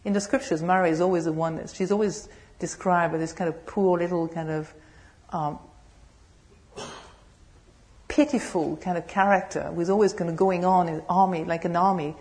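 A Buddhist nun gives a dharma talk to a meditation group. She tells humorous, animated stories in a slightly low voice. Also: moderate pace.

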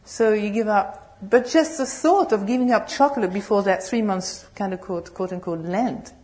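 A Buddhist nun giving a dharma talk, telling humorous, animated stories. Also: female voice, mid-range voice, moderate pace. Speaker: Buddhist nun and meditation teacher.

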